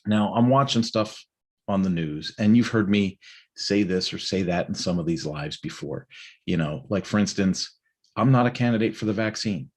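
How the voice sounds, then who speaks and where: This middle-aged man hosts a morning check-in live stream, casually rambling through his day in a personal monologue packed with fillers and tag questions. His low voice moves at a normal speed and sounds a little mellow.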